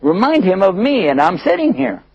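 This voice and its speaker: A man's voice: high-pitched, wildly swooping pitch, moderate pace, breathy edge, no echo, pitched above the performer's own voice, full character voice. A man voicing a steadfast young prophet who firmly refuses temptation, on a dull lo-fi recording.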